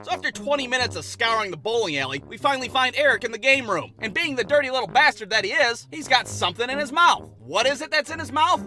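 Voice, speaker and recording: A man's voice: extremely high pitch, animated, fast, hardly any pauses, sharp tone. A man telling a crude, exasperated comedic story about his childhood. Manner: crude, exasperated, puts on many voices.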